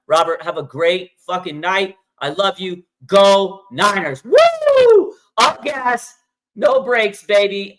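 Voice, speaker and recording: A man hosting a fan livestream, talking excitedly in slangy bursts and letting out loud whoops. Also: high voice. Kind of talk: hyped fan livestream commentary.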